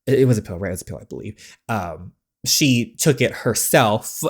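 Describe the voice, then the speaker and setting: A man hosting a gaming channel, giving casual commentary on a story game and talking back excitedly at the characters. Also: mid-range voice, a little slow.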